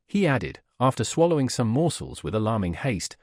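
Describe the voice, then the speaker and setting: A man reading a classic novel aloud as an audiobook narrator, in a measured, expressive way. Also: mid-range voice, no room sound, clean studio sound. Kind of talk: scripted narration.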